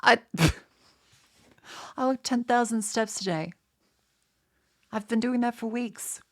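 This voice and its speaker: A woman's voice: a little high, takes it slowly. A young woman with an Australian accent and a nasal voice, stuttering through a rambling casual chat with her viewers while getting over a cold. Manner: rambling with many restarts. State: has a cold. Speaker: streamer.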